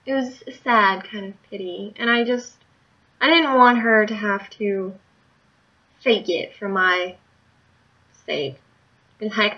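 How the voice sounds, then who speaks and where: A woman's voice: mid-range voice, takes it slowly, pauses often. A tired woman telling a story in a candid, rambling video diary. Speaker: video diarist. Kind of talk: casual diary vlog. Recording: muffled lo-fi recording.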